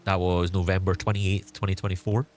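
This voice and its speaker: A man's voice: low voice, little pitch movement, fairly quick, a little mellow, a little hiss or hum. Rambling young man telling a story. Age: young adult. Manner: rambling, full of fillers like "like" and "um". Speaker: streamer. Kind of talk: casual storytelling.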